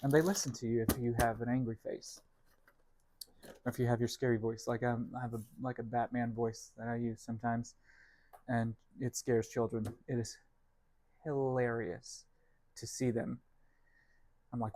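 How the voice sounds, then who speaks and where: A man's voice: mid-range voice, flat delivery, moderate pace, pauses often, darkish tone, dry recording. A young man rambling casually to the camera and his cats while baking in his home kitchen, self-deprecating and wry. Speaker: vlog host. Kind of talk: casual cooking vlog chat.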